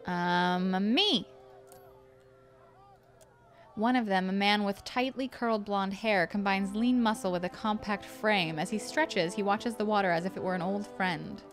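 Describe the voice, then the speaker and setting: A woman's voice: mid-range voice, moderate pace, hardly any pauses. Woman streamer reading game text over music. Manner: chatty, reacting between narrated passages. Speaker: gaming streamer. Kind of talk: let's-play, reading game text aloud.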